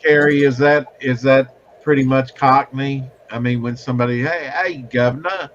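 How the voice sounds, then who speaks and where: A man's voice: mid-range voice, level tone, moderate pace, highs cut off, slight background noise. A man hosting a casual group chat, asking the others questions. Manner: questioning, chatty. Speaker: podcast host.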